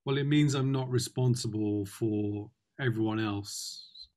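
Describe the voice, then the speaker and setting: A man being coached in a consultation, speaking in a halting, reflective way with many fillers and restarts. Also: lowish voice, darkish tone. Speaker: client in consultation. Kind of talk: reflective conversation.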